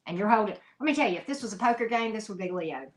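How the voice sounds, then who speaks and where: A woman's voice: medium pitch, animated, rapid-fire. A woman giving a live tarot reading, talking emphatically and chattily to her viewers, with frequent "mm-hmm" asides. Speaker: tarot reader.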